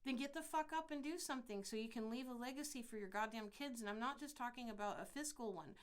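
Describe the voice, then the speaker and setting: A middle-aged woman from California talks through a podcast monologue in a blunt, profane, rambling way. Her voice sits a little high, and she often restarts her sentences. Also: fast talker, clean tone. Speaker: podcast host. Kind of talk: casual monologue.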